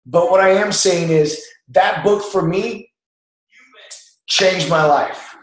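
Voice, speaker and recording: A motivational speaker gives an emphatic talk to a group, coaching them to let go of doubt. His voice is high-pitched and slow, and the room is echoey.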